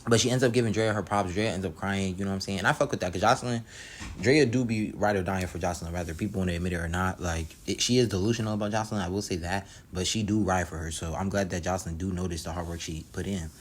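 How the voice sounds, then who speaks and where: Brief: man reviewer, low voice, loose profane slang, easygoing episode recap. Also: fast talker, slight background noise. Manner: slangy, profane, laid-back storytelling. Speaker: reality show reviewer.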